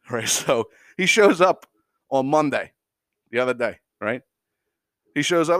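A man's voice: mid-range voice, expressive, moderate pace, dry recording, clean studio sound. A man hosting a podcast, telling a long story in a casual, profane, exasperated way and laughing as he goes. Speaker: podcast host.

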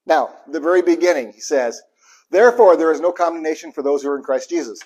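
Preacher, male, husky and a bit breathy, impassioned, chuckles between points. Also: on the high side, expressive, fast talker. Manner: impassioned preaching, swings from hushed to loud bursts; chuckles between points, repeats lines for emphasis. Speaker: pastor. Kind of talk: live sermon.

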